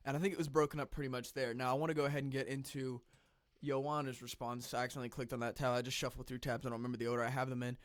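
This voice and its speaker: A man gives casual commentary in a mid-range voice, talking conversationally with restarts. He sounds a little phlegmy and clears his throat now and then. The recording is dry and close. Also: mid-range voice, little pitch movement, racing, no echo. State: phlegmy from the cold. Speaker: commentary channel host.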